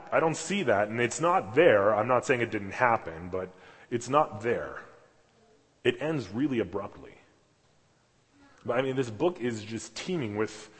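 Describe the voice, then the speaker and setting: A man's voice: mid-range voice, husky. A man preaching a casual, conversational sermon as pastor, with many fillers and asides. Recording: long hall reverb.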